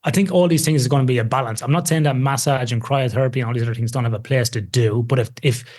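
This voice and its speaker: An emphatic man in a relaxed podcast chat, talking with lively, animated energy. His voice sits in a middle pitch, and he leans hard on his points with a dash of self-deprecating humor. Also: very fast. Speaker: sleep researcher guest. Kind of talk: casual podcast conversation.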